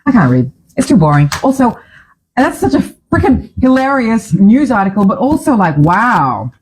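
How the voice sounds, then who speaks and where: A woman's voice: on the high side, very animated, moderate pace, darkish tone, a little hiss or hum, low-quality recording. A woman hosting a casual talk show from a studio, chatty and opinionated, often drifting off on tangents. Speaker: show host.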